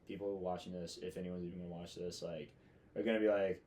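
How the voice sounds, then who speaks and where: A man's voice: deep voice, little pitch movement, fast talker, warm tone, a little hiss or hum. A young man in his twenties, a podcast guest, telling casual stories with lots of fillers and swearing. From United States. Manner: rambling, filler-heavy, swears freely. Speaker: podcast guest, Marine officer. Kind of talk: casual storytelling chat.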